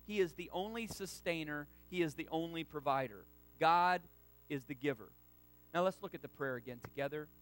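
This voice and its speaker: A pastor preaching a sermon with strong emphasis, sometimes calling on the congregation to repeat a line with him. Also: male voice, on the high side, a little fast, few pauses, low-quality recording. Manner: emphatic preaching, rising to loud stresses; asks the congregation to repeat lines.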